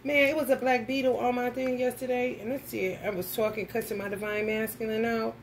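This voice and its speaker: Animated profane woman tarot vlogger. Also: fairly high pitch, brisk, slight background noise. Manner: animated, profane, laughs while telling stories. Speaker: tarot reader. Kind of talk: casual vlog storytelling.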